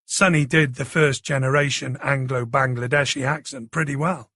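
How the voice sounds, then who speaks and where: A man narrating a thriller audiobook in a steady, even storytelling manner. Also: medium pitch, normal speed, few pauses, dry recording, clean studio sound.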